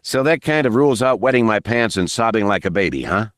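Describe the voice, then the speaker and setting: A man's voice: on the low side, animated, fairly quick, fairly bright tone, no room sound, clean studio sound. A male narrator voicing a nervous, sarcastic young soldier who cracks jokes under pressure. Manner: sarcastic, jittery quips.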